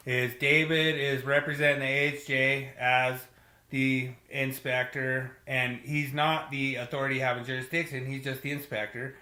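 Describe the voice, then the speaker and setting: Bright-voiced, excitable male podcast host. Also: mid-range voice, normal speed, reverberant. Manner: enthusiastic, says "dude" and "you know" a lot. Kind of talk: casual chat, reading listener comments.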